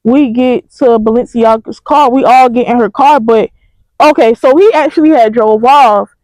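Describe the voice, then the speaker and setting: High-voiced woman telling a wild story. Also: normal speed, no room sound, rough recording. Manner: animated, profane, emphatic retelling. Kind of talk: casual storytime vlog.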